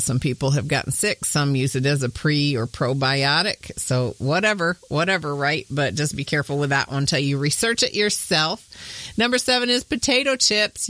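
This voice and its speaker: A woman's voice: sits low, a bit bright, dry recording. A woman in her thirties from Michigan with a Midwestern accent touched by Southern speech, a podcast host chatting in a homey way and laughing often. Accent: Midwestern American with some Southern. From Michigan, USA. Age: 30s. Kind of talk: casual talk.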